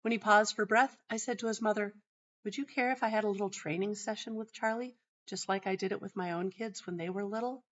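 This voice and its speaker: A middle-aged woman hosting a teaching show, telling a personal story in a calm, measured way. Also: medium pitch. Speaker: host and teacher. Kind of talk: narrating a personal teaching anecdote. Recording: dull lo-fi sound.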